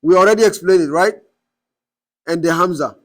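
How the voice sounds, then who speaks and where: A man's voice: sits high, moderate pace. A man teaching a class, explaining step by step and quizzing students with repeated questions. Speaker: Arabic teacher.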